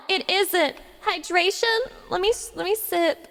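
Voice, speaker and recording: A high-pitched woman streaming live and bantering with her chat in a playful, theatrical way, reading messages aloud and cursing along the way. Her voice carries a long, hall-like reverb. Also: a little slow, a bit bright. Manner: playful and dramatic, reads chat aloud and swears.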